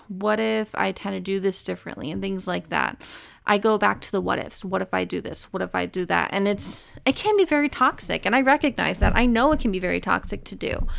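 Young woman, podcast monologue, gravelly, smooth and dry close sound, earnest and emotional. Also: mid-range voice, fairly bright tone, no echo. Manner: earnest, emotional, speaks haltingly with restarts. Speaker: podcast host. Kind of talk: personal monologue.

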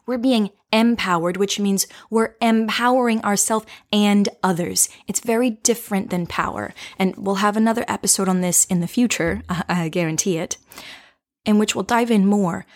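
A woman hosting a show, telling a personal story as a lesson in a playful, animated way, often checking in with "right?" and laughing. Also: medium pitch, normal speed. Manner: animated, with frequent tag questions. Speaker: podcast host.

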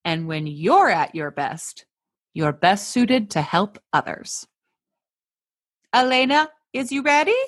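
A woman's voice: medium pitch, animated, slow pace, long pauses. A woman hosting a podcast, mixing casual chat with a scripted story told in a playful, jokey way. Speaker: podcast host.

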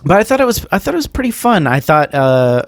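A man's voice: a little high, very animated, fast, no room sound, studio quality. A man co-hosting a podcast in casual chat, rambling and joking with lots of hedges. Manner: rambling, hedging with fillers, joking. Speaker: podcast co-host.

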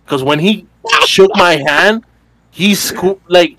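A man's voice: high voice, slow, a bit bright, no echo. A man in his twenties, a podcast co-host, telling a bar story in casual chat, rambling and swearing, full of fillers. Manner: rambling, profane, filler-heavy retelling with laughs.

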